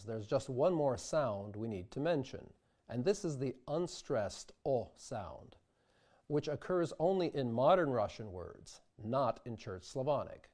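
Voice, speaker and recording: A man giving a scripted lesson on singing diction, with a measured delivery that pauses to demonstrate the pronunciation of individual words. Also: mid-range voice, very animated, a little mellow, faint music behind. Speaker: diction instructor. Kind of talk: scripted instructional narration.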